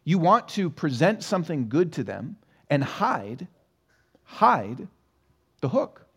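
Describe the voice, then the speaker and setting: Animated male pastor preaching conversationally. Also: fairly high pitch, slow pace, husky. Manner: conversational and animated, rhetorical questions. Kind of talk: sermon. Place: church sanctuary.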